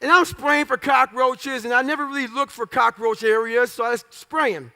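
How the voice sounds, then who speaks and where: A man's voice: very high-pitched, fairly even intonation, moderate pace, sharp tone. A man telling his story in a blunt, profane, punchy way as an interview guest before a live audience. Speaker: guest speaker.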